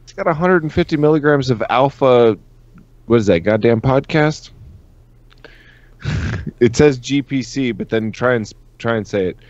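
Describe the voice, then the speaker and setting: A man's voice: medium pitch, lively intonation, normal speed, pauses often, darkish tone, no room sound, lo-fi sound. A man co-hosting a casual comedy podcast, joking around and tripping over long words. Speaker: podcast co-host.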